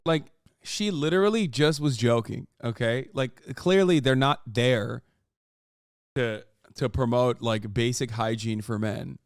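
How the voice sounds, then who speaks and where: Brief: 30s male streamer, smooth voice, dry close sound, sarcastic profane rants. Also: mid-range voice, a little slow, no echo. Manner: profane, sarcastic, exasperated ranting. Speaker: streamer reacting to a video. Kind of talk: reaction commentary.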